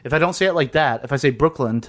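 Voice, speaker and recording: A man's voice: a little high, very fast, a bit bright. A man hosting a podcast in a basement, talking casually in a rambling way with frequent swearing and laughs. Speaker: podcast host. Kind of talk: casual chat.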